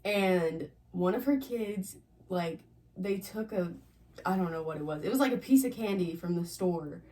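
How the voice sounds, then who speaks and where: A woman co-hosting a podcast, telling a story in relaxed casual chat and laughing often. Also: on the low side, moderate pace, far from the mic. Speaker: podcast co-host.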